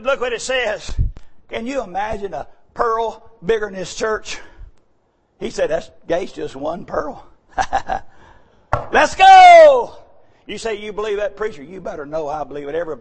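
Real high-pitched guy preaching in church, hollers and whoops then goes quiet, fired up revival style. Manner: fervent, whooping, drops to murmurs then shouts. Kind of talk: shouted revival sermon.

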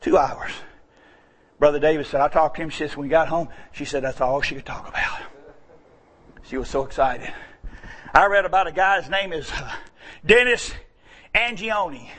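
A man from the American South preaching a folksy sermon, moving between quiet asides and shouted exclamations. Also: fairly high pitch, moderate pace, pauses often. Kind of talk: sermon storytelling.

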